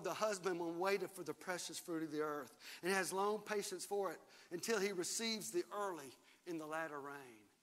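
A man's voice: high voice, a bit bright. An older man preaching a sermon in a large church hall, reading scripture aloud and leading the congregation in call-and-response. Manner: preaching, reads scripture aloud and has the crowd repeat after him. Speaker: pastor. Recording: long hall reverb, faint music.

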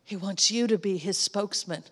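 A woman's voice: medium pitch, normal speed, fairly bright tone. Woman preaching in an echoing church hall. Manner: emphatic, repeats lines for effect. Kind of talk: sermon. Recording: long hall reverb.

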